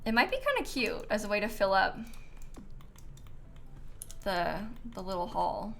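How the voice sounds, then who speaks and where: Young woman with a vocal fry, hesitant. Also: medium pitch, wildly swooping pitch, measured pace, fairly bright tone, slight background noise. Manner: thinking aloud, hesitant, lots of ums. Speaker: game streamer. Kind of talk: casual livestream chat.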